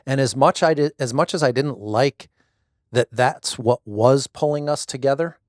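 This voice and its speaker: A man's voice: mid-range voice, normal speed, no room sound, studio quality. A middle-aged man reflecting thoughtfully and hesitantly in a casual conversation, often restarting his sentences. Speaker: guest, husband.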